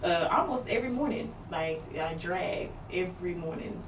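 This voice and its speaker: Her voice sits lowish but her intonation is lively, and she talks at a normal speed. As co-host of a talk show, she opens up about personal difficulties in a rambling, filler-heavy way, captured far from the mic in a roomy, noisy space.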